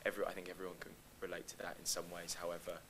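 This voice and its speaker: Young man, very low voice, rapid hesitant talk with frequent restarts, stage Q&A guest. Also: monotone, a bit bright, slight background noise, poor audio. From London. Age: young adult. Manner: hesitant, restarts often, laughs lightly. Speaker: actor guest. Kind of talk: live Q&A conversation. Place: live stage event.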